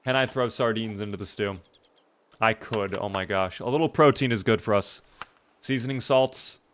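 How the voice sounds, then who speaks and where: A man's voice: on the low side, moderate pace, a bit bright. A man streaming a video game live, chatting casually and answering viewer messages as he plays.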